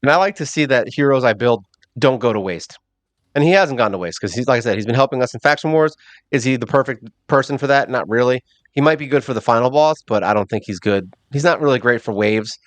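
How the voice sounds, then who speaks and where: A man hosting a mobile game channel, giving casual, rambling gameplay commentary and thinking out loud with a self-mocking streak. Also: mid-range voice, animated, fast talker, dry recording.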